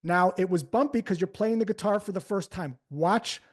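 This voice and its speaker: A man coaching a sales team live on stage, energetic and conversational, acting out phrasings as he goes. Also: sits high, normal speed. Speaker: sales trainer. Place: on stage before an audience.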